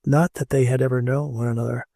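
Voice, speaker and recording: A man narrates a classic novel with a deep gravel in his voice and a dark, mellow tone. His delivery is measured and steady, with a dry close sound and a husky grain. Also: no room sound. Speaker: audiobook narrator. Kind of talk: audiobook narration of classic fiction.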